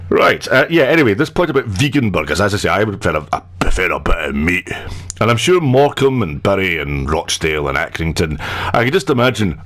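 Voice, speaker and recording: A man's voice: low voice, lively intonation, normal speed, a bit bright. A man commentating over a football career game, rambling into wordy, self-mocking digressions. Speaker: gaming commentator.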